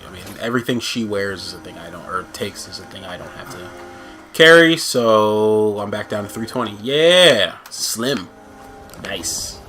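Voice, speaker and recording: A young man co-hosting a gaming video, chatting casually while he plays and laughing through an animated story. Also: moderate pace, faint music behind. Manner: animated storyteller, laughs often, jumps into high voices for quotes. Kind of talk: casual chat while playing a game.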